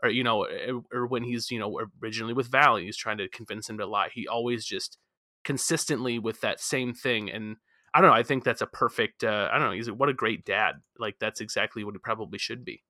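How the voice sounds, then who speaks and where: A man's voice: on the low side, a little fast, bright, forceful tone, no room sound, clean studio sound. A man co-hosting a casual movie discussion, giving his opinions emphatically. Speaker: podcast co-host.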